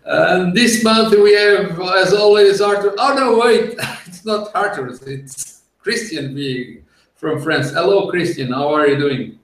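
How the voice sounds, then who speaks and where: A man hosting a casual tech podcast over a video call, talking in an unhurried, explanatory way and laughing easily. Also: high-pitched, fairly bright tone. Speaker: podcast host. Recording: echoey room, far from the mic.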